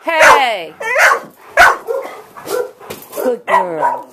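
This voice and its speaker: Slow-talking woman scolding her dogs. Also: mid-range voice, big pitch swings, very noisy. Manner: alternately scolding and praising in pet talk. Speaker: dog owner. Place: home with dogs around. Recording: loud dogs barking behind. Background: dogs barking.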